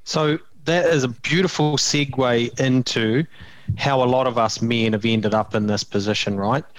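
A man's voice: medium pitch, fairly even intonation, moderate pace, no room sound, low-quality recording. Earnest male podcast host explaining. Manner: earnest, explanatory, ends points with "right?". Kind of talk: conversational explaining.

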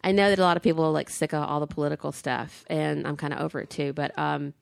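A woman's voice: low voice, steady tone, fast, creaky, no echo. A woman co-hosting a casual chat show, talking loosely with frequent fillers and laughs. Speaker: podcast co-host.

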